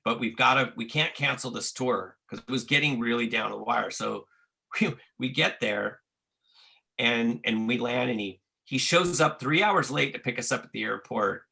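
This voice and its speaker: A man's voice: medium pitch, normal speed, creaky, bright, forceful tone. A man casually telling a tour story, swearing freely, restarting sentences and acting out what others said. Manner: profane, restarts a lot, acts out quotes.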